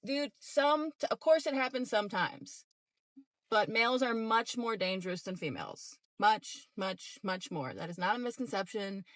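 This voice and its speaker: A woman's voice: mid-range voice, expressive, moderate pace, fairly bright tone, no echo. A woman vlogger giving casual commentary in a frank, rambling way, full of fillers.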